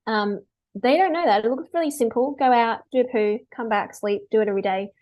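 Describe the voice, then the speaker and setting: A woman dog behaviourist talking through a webinar, lively and chatty, acting out owners in quick quotes. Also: fairly high pitch, highs cut off. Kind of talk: webinar talk.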